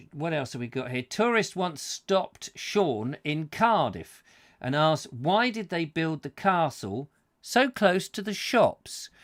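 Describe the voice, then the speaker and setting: A man's voice: mid-range voice, fairly bright tone. A man with a rambling, self-mocking manner, hosting a comic live chat show and full of fillers and asides.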